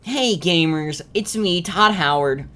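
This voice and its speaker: A streamer putting on a quick impression of an upbeat male game studio head giving a folksy greeting. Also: mid-range voice, expressive, pushed and bright, pitched above the performer's own voice. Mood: chipper.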